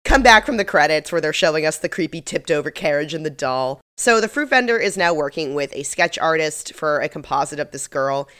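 A woman's voice: deep voice, brisk, few pauses, smooth. A woman co-hosting a podcast, chatting casually about a TV episode with frequent exclamations. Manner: expressive, exclaims and laughs often. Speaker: podcast co-host. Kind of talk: casual episode recap chat.

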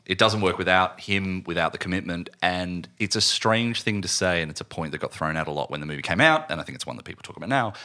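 A man co-hosting a casual film podcast, animated and quick to laugh. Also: sits low. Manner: animated, laughs often, breaks into loud over-the-top impressions. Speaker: podcast co-host.

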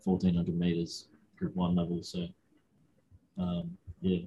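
A young Australian man, a university student, co-hosting a racing podcast in a relaxed, dryly joking way. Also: sits low, unhurried, vocal fry, highs cut off. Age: young adult. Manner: relaxed, dry humour, hedging. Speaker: podcast co-host. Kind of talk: casual chat.

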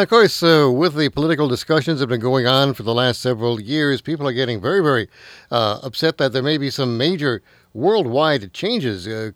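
A man's voice: mid-range voice, no echo, studio quality. A man hosting a radio show, asking long, rambling questions with restarts. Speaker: radio host. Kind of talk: radio interview.

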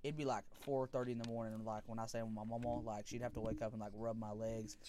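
A young man, co-hosting a casual podcast and telling stories in an animated way. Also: lowish voice, quick pace, a little hiss or hum. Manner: animated storyteller, acts out quotes loudly. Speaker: podcast co-host. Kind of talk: casual storytelling chat.

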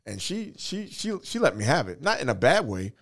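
A man in his forties telling a personal story earnestly, in halting phrases, holding back tears. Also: mid-range voice, big pitch swings. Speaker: guest, fatherhood program worker.

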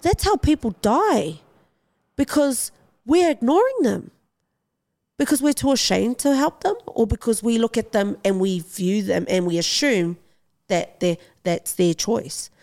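A woman's voice: fairly high pitch, lively intonation, measured pace, darkish tone. A woman guest in a podcast interview, speaking earnestly and urgently and repeating phrases for emphasis. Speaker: interview guest, boxing champion.

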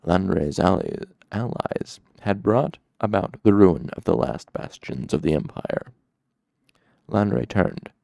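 A man reading a fantasy novel aloud as an audiobook narrator, measured and steady. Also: low voice, vocal fry, no room sound.

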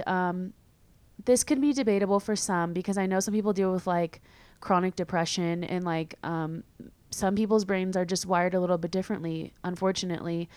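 A young woman hosting a podcast, talking casually and candidly with many fillers and quick laughs. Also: lowish voice, darkish tone, clear, resonant tone, no echo. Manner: chatty, filler-heavy, candid, laughs easily. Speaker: podcast host. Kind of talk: casual solo podcast chat.

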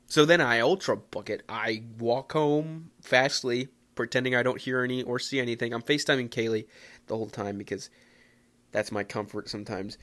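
A young man from the Philadelphia area hosting a casual solo podcast, rambling and self-mocking with excitable bursts. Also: medium pitch, moderate pace. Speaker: podcast host.

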